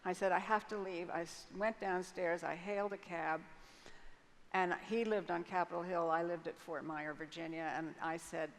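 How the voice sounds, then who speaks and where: A woman's voice: fairly low pitch, steady tone, normal speed. An older woman telling a personal story candidly as an interview guest on a conference stage, frank and vivid, with hesitant restarts. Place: large conference hall stage. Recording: long hall reverb, faint noise.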